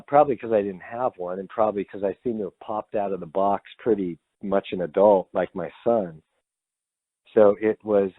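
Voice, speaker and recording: Low-voiced guy, composer telling stories, candid and kinda sweary, sounds like a tinny phone line. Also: dry recording. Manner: animated, candid, swears freely. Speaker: composer guest. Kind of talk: casual interview storytelling.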